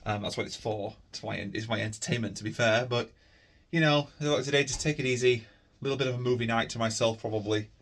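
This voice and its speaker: A man's voice: mid-range voice, a little fast, few pauses, fairly bright tone. A tired man, chatting casually to camera in a rambling, easygoing vlog. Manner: rambling, easygoing, many fillers. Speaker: vlogger.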